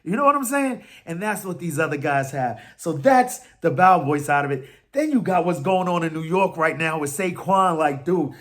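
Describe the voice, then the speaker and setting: A man hosting a fan podcast, talking football in a casual, animated, trash-talking way, full of slang and fillers. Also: a little high, moderate pace.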